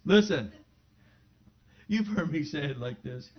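A man preaching a sermon in a church, talking conversationally to his congregation and building to loud, fervent exclamations. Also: on the high side, animated, slow. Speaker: pastor. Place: church sanctuary. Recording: dull lo-fi sermon recording.

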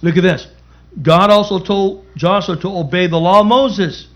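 A man's voice: sits high, fairly even intonation, moderate pace. A man preaching a sermon as pastor, emphatic, repeating key phrases and calling out to the congregation.

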